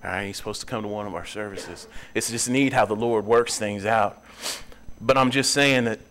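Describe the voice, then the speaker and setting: A young man preaching in a church, earnest, his voice climbing high and loud when he presses a point. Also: moderate pace. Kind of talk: sermon. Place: church sanctuary.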